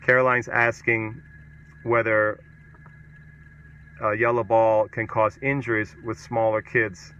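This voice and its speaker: Emphatic male tennis coach, bright voice. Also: on the low side, level tone, slow, pauses often. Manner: emphatic, repeats a punchy catchphrase. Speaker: tennis coach and podcast host. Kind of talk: casual solo talk, reading viewer comments. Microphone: mobile setup. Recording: dull lo-fi mobile stream.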